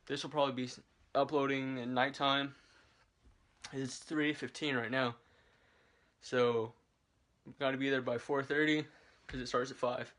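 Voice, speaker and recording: Young male vlogger, casual and rambling, bright voice, self-filmed at home. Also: mid-range voice. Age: young adult. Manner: rambling, chatty, lots of fillers. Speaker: vlogger and military recruit. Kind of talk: casual chat to camera. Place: his bedroom, indoors. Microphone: handheld camera.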